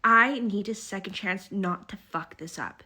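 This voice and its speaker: A woman voicing her young male best friend, first panicky and then earnest, in an animated storytime. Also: mid-range voice, unhurried, breathy edge, full character voice.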